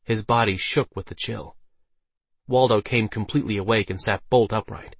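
A man narrating a fantasy audiobook with steady storytelling delivery. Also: fairly low pitch, moderate pace, husky.

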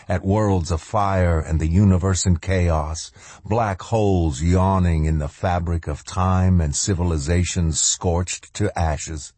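Deep husky male audiobook narrator. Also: mellow, no room sound. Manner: measured, slows for dramatic moments and voices the characters' lines. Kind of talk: scripted dramatic narration.

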